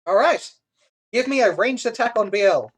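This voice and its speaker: A game master narrating a tabletop game in a lively way, with frequent laughs, fillers and restarts. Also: medium pitch, moderate pace, breathy edge.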